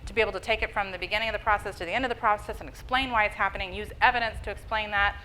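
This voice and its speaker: A woman lecturing to a live audience, her voice bright and clear as she explains each step. She keeps asking the room "okay?" and "right?" to check they follow along. Faint room noise sits underneath her. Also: mid-range voice, fairly even intonation, rapid-fire, low-quality recording. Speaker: public lecture speaker on education. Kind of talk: public lecture.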